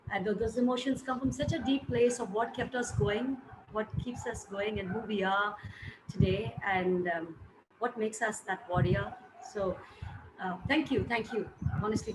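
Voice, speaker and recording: A woman hosting an interview, gentle and thankful, asking questions with many pauses. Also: mid-range voice, noisy background. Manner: gentle, thankful, halting with fillers. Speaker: interview host. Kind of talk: interview chat.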